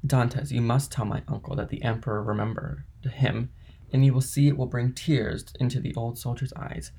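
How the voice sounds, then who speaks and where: A man voicing a kindly, eager older male ship owner in an audiobook reading, with a gravelly tone. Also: medium pitch, fairly even intonation, moderate pace, dark tone.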